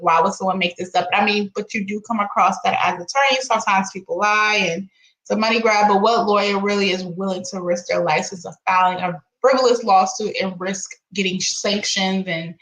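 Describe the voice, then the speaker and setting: A woman talks through a lawsuit on a live stream, breaking off into animated exclamations and laughter. Her voice sits at a middle pitch for a woman. The room around her gives the voice a noticeable echo. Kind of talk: casual live-stream commentary.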